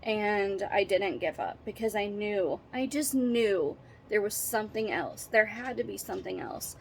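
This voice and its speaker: A woman's voice: medium pitch, animated, measured pace, vocal fry, slight background noise. A middle-aged woman telling her own story, earnest and emotional, holding back tears as she halts and restarts. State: tearful, holding back crying. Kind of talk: personal storytelling to camera.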